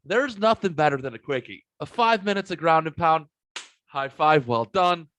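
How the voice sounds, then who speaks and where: A man in his forties hosting a podcast, telling stories in a rambling, animated, casual way. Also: a little high, moderate pace. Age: 40s. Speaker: podcast host. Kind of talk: casual podcast chat, storytelling.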